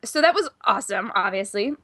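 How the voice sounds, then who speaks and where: A woman co-hosting a podcast, telling an anecdote in casual chat, gushing and excitable. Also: mid-range voice, moderate pace, no echo. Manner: gushing, excitable storyteller who acts out quotes. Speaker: podcast co-host.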